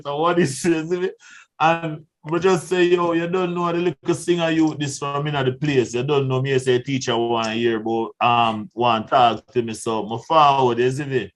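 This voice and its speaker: A man's voice: on the high side, moderate pace. A young man with a Jamaican accent telling stories in a casual interview, laughing often and acting out the voices of people in his tale. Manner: animated storyteller who laughs often and acts out voices. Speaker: guest artist.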